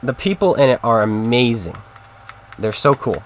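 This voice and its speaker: A man's voice: mid-range voice, animated, moderate pace, slight background noise. A man casually talking to his stream chat while playing a game, in a rambling, chatty way. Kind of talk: casual live-stream commentary.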